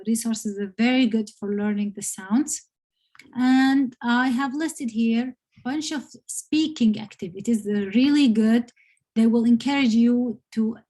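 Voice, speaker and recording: A woman's voice: fairly high pitch, warm tone. A woman with an Arabic accent teaching an online English lesson, explaining patiently and often checking in with "okay?". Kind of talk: online lecture.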